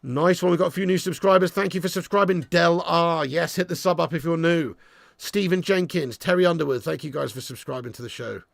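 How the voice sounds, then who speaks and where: A man hosting a live football watch-along, sweary and ranting, bantering with viewers in the chat and shouting at chances on goal. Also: on the high side, fairly quick, gravelly, no echo, clean studio sound. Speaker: fan channel host.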